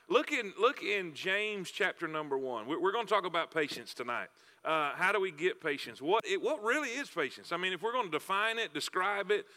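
Male pastor, high voice, folksy sermon storyteller, reverberant hall. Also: pushed and bright. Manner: folksy storytelling with repetitions and fillers. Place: church sanctuary.

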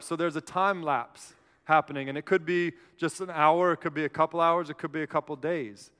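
A man preaching a sermon, retelling a scripture story in an earnest, animated way and briefly acting out a whiny character. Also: a little high, clean tone. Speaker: pastor. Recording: long hall reverb.

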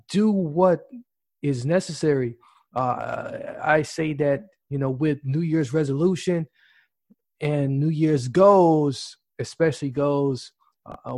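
A man's voice: a little high, a little mellow, dry recording. A man hosting a podcast in casual motivational talk, rambling, with lots of fillers and repeated words. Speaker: podcast host.

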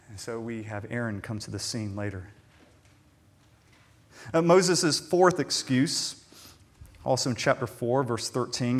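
A man preaching a sermon, animated, acting out the voices of the figures he reads about and shifting between quiet and loud. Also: mid-range voice. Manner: animated, acts out biblical voices with shifting loudness. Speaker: pastor.

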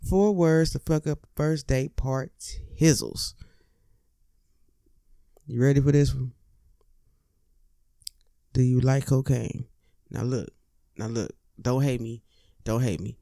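A man giving joking dating advice in a casual comedic monologue, animated and profane, with streetwise slang and rhetorical asides to the listener. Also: medium pitch, slow pace, creaky, long pauses, no echo, studio quality.

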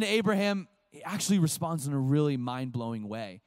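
Chatty youth pastor, man, slightly high voice, dry close sound. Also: normal speed, few pauses, no echo. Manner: animated, chatty, acts out voices. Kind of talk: casual youth sermon.

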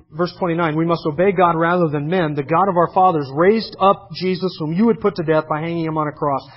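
A man's voice: a little high, husky. A man preaching a sermon, emphatically reading scripture verses aloud and commenting on them between readings. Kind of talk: expository sermon. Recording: dull lo-fi sermon recording.

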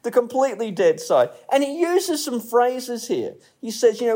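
Preaching in a casual, conversational style, this man has an extremely high yet dark voice with big swings in pitch. He talks at a normal speed with hardly any pauses, repeating phrases, breaking off to restart sentences, and telling stories with gentle humor.

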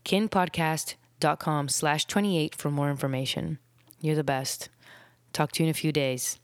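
Woman podcast host, low voice, dry close sound, slightly out of breath, earnest and reflective, trailing whispers. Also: fairly even intonation, moderate pace, no room sound. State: out of breath after illness. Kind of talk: casual solo podcast talk.

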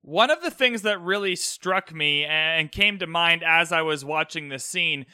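A young man hosting a solo recap podcast, talking alone in a room, animated and earnest as he retells scenes. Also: a little high, a little slow, clean tone, no room sound, clean studio sound. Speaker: podcast host.

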